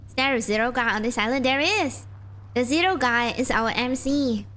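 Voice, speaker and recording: A woman's voice: fairly high pitch, moderate pace, fairly bright tone. A woman streaming a game, rambling and thinking aloud as she plays and reads the on-screen text. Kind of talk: casual gameplay commentary, reading game text aloud.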